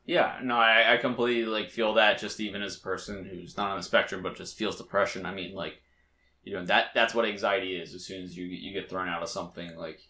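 A man's voice: deep voice, fairly even intonation, fast, pushed and bright. A man hosting a podcast in casual chat, upbeat and joking. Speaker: podcast host. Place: hot room.

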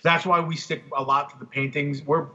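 A man on a casual podcast, telling animated, profane stories about his work as a comic artist. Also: on the high side, moderate pace, muffled recording, a little hiss or hum.

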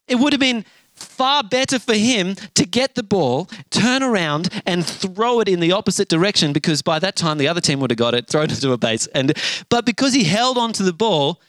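A middle-aged man, preaching a sermon and acting out a lively story. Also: high-pitched, no echo. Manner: animated storyteller, acts out voices with shouts and gasps. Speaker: pastor.

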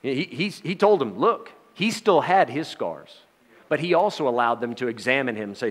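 A man's voice: mid-range voice, lively intonation, moderate pace, fairly bright tone. A man preaching a sermon in a folksy, joking manner, with frequent laughs.

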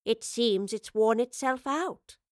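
A composed, dry-witted elderly professor, as a woman reader puts her on, speaking in a slightly raised, measured voice. The read is close and dry, with no room around it. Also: a little high, expressive, dry recording, natural voice. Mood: calm. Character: calm, wry older woman professor. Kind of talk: audiobook character reading.

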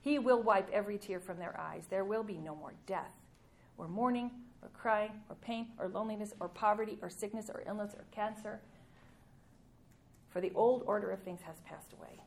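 A woman preaching a sermon at an ordinary middle pitch. She reads scripture passages aloud with emphatic rises and pauses. A faint hiss sits under her voice.

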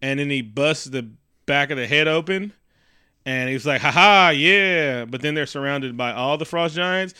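A man's voice: medium pitch, moderate pace, sharp tone, clean tone, no room sound, clean studio sound. A man in casual, crude banter, recapping a movie and acting out the characters' lines.

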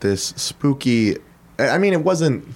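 A man's voice: mid-range voice, sing-song, a little slow, a little mellow. A man co-hosting a podcast in casual chat, laid-back and joking, swearing now and then. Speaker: podcast co-host.

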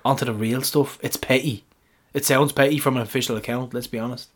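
A man's voice: mid-range voice, fairly even intonation, quick pace. A man co-hosting a sports podcast in a blunt, sweary, casual way, laughing easily. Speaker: podcast co-host.

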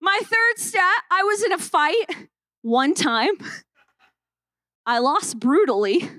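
A woman's voice: extremely high pitch, animated, slow pace, pushed and bright, dry recording. A young woman pastor opening a sermon with playful, self-mocking stories from a church stage.

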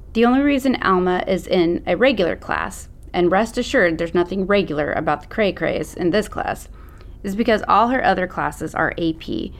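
A woman reads a first-person audiobook with a sassy, slangy teenage attitude. Her voice sits fairly low, and she delivers the story with quick, sharp comebacks. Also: gravelly. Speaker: audiobook narrator.

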